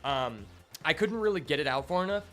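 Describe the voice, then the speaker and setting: A man's voice: a little high, animated, brisk, pushed and bright, soft background music. A young man streaming a card game, chatting casually and rambling with lots of fillers and swearing. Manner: rambling, laid-back, heavy on fillers and swearing. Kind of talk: casual gameplay commentary.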